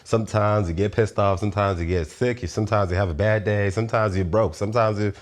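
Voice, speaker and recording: A man in his thirties with a low, deep voice hosts his own show with a loose philosophical monologue. He is animated and laughs often between points. He swears freely and bluntly. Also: fast talker. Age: 30s. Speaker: show host.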